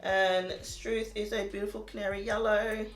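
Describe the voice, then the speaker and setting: A woman's voice: mid-range voice, flat delivery, normal speed, soft background music. Chatty Australian woman, roomy echo. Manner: chatty, lots of "like", laughs at herself. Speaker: beauty vlogger. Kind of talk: casual makeup review chat. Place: home room.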